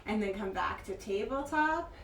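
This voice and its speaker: A woman teaching a kids' yoga class, gentle, playful and encouraging as she guides a child through poses. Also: mid-range voice, animated, moderate pace, far from the mic. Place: yoga studio. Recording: echoey room, mic from afar.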